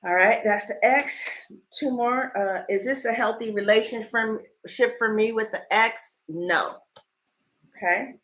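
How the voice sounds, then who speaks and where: A woman tarot reader in a casual livestream, telling stories in an animated, blunt way and swearing freely. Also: on the high side, slow.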